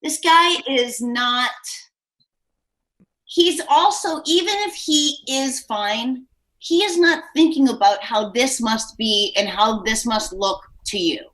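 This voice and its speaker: A woman guest on an advice podcast, blunt and fast-talking, who swears in casual chat. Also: a little high, fairly bright tone.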